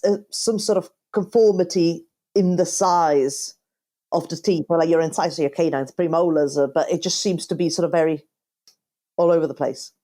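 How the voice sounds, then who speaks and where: A woman's voice: fairly low pitch, warm tone. A woman co-hosting a casual podcast chat, thinking aloud with hesitant, self-correcting phrasing. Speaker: podcast co-host.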